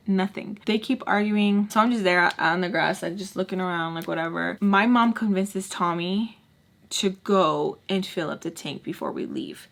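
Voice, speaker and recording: Chatty young woman telling a storytime. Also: vocal fry. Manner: chatty, animated, acts out quoted people with big pitch jumps. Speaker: storytime vlogger. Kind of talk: casual storytime while doing makeup.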